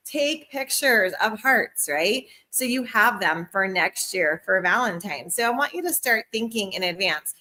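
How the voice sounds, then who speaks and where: A woman's voice: mid-range voice, lively intonation, a little slow, few pauses, pushed and bright. A woman leading a live-streamed sales training at home, upbeat and chatty, with a cough and frequent laughs.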